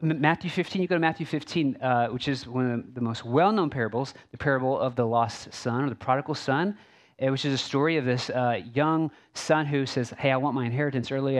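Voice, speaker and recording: A male pastor preaching a sermon in a conversational way, with asides and rhetorical questions. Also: medium pitch.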